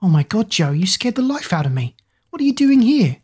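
A woman's voice: fairly low pitch, normal speed, mellow, natural voice. Woman doing a snappy, moody teenage schoolgirl.

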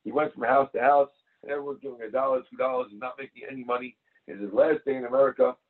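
A man's voice: mid-range voice, fairly even intonation, quick pace. A man teaching a Talmud class. He reads each phrase of the text, translates it, and tells stories to explain it. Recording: tinny phone-like line.

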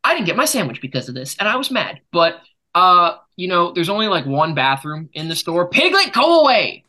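A young man hosting a casual podcast, telling rambling jokey stories with sudden loud bursts. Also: on the high side, animated, brisk. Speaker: podcast host. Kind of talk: casual chat.

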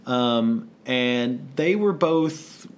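An American man co-hosts a podcast and tells stories in an easy, chatty way. He laughs often and jumps into the voices of people he quotes. His tone stays lively and playful as the anecdote rolls on. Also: mid-range voice, drawn-out words, slight background noise. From United States. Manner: animated storyteller, acts out quotes, laughs often. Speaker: podcast co-host. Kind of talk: casual chat.

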